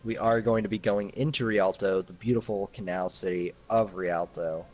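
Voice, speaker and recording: Man, esports commentator, low voice, laid-back, dry jokes, casual live casting. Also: fairly even intonation, moderate pace, a little mellow, highs cut off.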